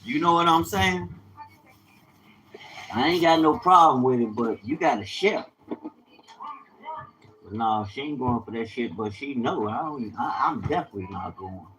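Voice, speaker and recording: A man chatting on a live stream in an animated, preachy, joking way, laughing often. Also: medium pitch, background noise. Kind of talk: casual live-stream chat.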